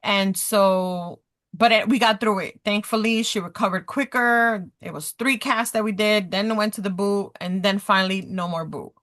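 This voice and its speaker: A woman's voice: medium pitch, moderate pace. A woman in her thirties on a podcast, casually telling a personal story and animatedly acting out the dialogue. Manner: animated, acts out quoted dialogue, talks with her hands. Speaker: podcast guest.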